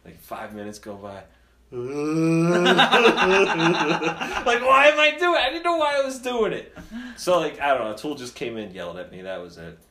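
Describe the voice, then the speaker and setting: A man's voice: a little high, a little slow, reverberant. Laughing young man telling a story. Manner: animated, laughs often, acts out friends' lines. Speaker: podcast co-host. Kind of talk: casual storytelling chat.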